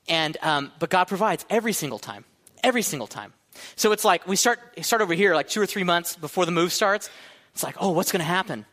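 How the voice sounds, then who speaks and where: A man's voice: a little high, animated, fast, a bit bright. A man in his thirties, a pastor giving a casual, joking sermon to college students and acting out his own thoughts. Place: church hall. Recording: long hall reverb.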